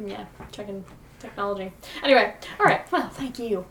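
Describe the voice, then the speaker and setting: A woman playing in a tabletop game, playful and laughing often as she makes quick jokes. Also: mid-range voice, reverberant, distant mic, noisy background. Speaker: player. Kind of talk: casual tabletop game chat.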